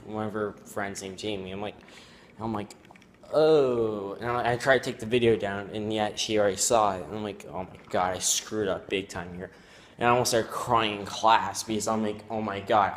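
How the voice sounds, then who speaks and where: A teenage boy telling a vlog story in a downcast, regretful way, rambling and halting with many restarts and fillers. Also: fairly low pitch, slight background noise. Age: teens. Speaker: vlogger. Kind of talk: confessional personal vlog.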